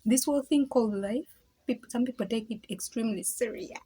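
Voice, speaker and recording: A woman's voice: a little high, a little fast, warm tone, rough recording. A woman talking casually and reflectively to her viewers, rambling, stammering, laughing often and dropping into whispers. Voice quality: very breathy, husky. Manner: drops into whispers. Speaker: vlogger.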